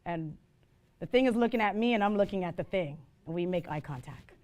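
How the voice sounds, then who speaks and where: A woman's voice: on the low side, animated, brisk, darkish tone. A woman teaching the Bible to a live group. She tells digressive stories and puts questions to her listeners. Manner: chatty, digressive storytelling, asks the audience questions.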